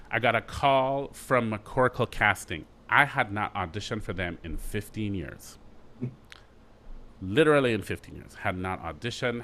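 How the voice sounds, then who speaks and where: A middle-aged Jamaican man, an actor being interviewed, telling his story in a lively way with quick asides and restarts. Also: fairly low pitch. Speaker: actor guest.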